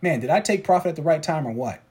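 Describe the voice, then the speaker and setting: A man's voice: a little high, lively intonation, fast, darkish tone. A man coaching traders in a motivational talk, preachy and repeating his points for emphasis. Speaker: trading coach.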